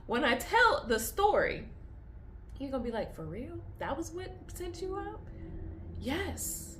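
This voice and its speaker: A woman's voice: high voice, a bit bright, a little hiss or hum. A young woman talks candidly in a personal vlog, confessional and tearful, laughing through tears as her feelings swing back and forth. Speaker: vlogger.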